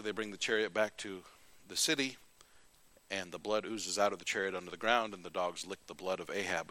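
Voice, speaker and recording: A male preacher giving a sermon, retelling scripture in an animated, folksy storytelling way. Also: low-pitched.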